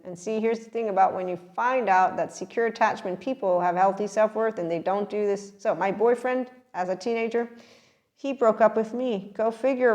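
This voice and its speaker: Speaking in a mid-range voice, this woman hosts a podcast and talks to her listeners in a relaxed monologue. She's lively and laughs often.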